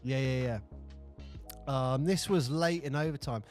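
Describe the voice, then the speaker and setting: A man's voice: medium pitch, a little slow, faint music behind. A man co-hosting a podcast, telling stories with enthusiasm and acting out the lines he quotes. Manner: animated storytelling, acts out quoted lines. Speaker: podcast co-host. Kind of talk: casual chat.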